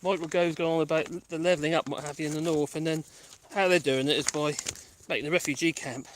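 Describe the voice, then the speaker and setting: A man's voice: a little high, fairly even intonation, quick pace, a little hiss or hum. A man chatting casually on a countryside walk with his dogs, rambling and wry and easily sidetracked, recorded outdoors on a small phone mic. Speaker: vlogger. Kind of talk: casual chat while walking dogs.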